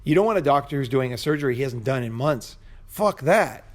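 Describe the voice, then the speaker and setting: A man's voice: mid-range voice, lively intonation, a little fast. A man vlogging a casual, rambling personal story, swearing freely and checking in with "you know" and "right?". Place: Bangkok.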